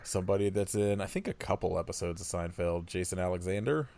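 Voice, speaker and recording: A man's voice: deep voice, fast talker, a little mellow. A man co-hosting a podcast, chatting loosely about a film with dry sarcasm. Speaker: podcast co-host. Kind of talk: casual film-review chat.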